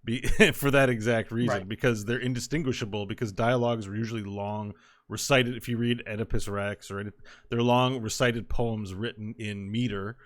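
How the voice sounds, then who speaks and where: A man's voice: on the low side, fairly even intonation, normal speed. A man co-hosting a podcast in casual chat, explaining things at length and drifting off on tangents. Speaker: podcast co-host.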